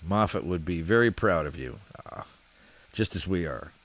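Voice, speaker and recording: Deep-voiced man reading comments. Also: measured pace, pauses often. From Canada. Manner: relaxed, chuckling, swears freely. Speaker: channel host reading viewer comments. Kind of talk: casual chat.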